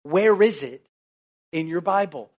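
A man with a high voice preaches to his congregation. He drives each point home with repeated rhetorical questions, and his pitch climbs on the big lines. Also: animated, unhurried, a little mellow. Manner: emphatic, rhetorical questions, calls for amen. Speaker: pastor. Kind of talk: sermon.

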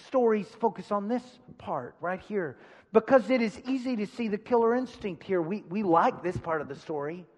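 A male pastor with a high voice preaches emphatically in a church sanctuary, repeating phrases and posing questions to the congregation. The sound carries the spaciousness of a big room.

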